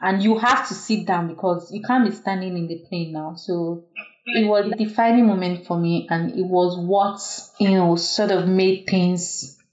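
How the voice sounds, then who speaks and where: Low-voiced woman in an echoey room. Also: steady tone, moderate pace, darkish tone. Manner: earnest, reflective, with frequent fillers. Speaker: guest; doctor. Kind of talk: personal storytelling in conversation. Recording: echoey room, dull lo-fi sound.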